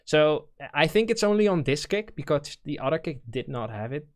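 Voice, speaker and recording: A man's voice: a little high, expressive, moderate pace. A man with a Dutch accent hosting a stream, talking casually as he gives technical feedback on music demos and thinks aloud. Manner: thinks aloud with fillers, explains technical points.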